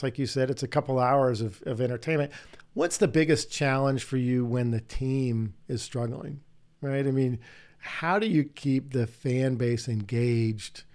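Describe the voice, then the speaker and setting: Rambling, storytelling male host. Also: medium pitch. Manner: rambling storyteller, animated anecdotes. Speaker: podcast host. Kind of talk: casual interview chat.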